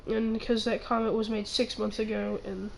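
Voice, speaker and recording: A teenage girl ranting on her own channel, rambling and halting with many restarts, sounding indignant. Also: medium pitch, level tone, gravelly, slight background noise, rough recording. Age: teens. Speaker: channel owner. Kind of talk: ranting vlog.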